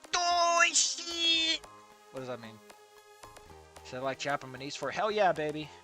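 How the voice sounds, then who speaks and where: Sarcastic lively-voiced game commentator. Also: mid-range voice, brisk, faint music behind. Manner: sarcastic, exasperated, laughs at the writing. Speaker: let's play commentator. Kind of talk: sarcastic playthrough commentary on a visual novel.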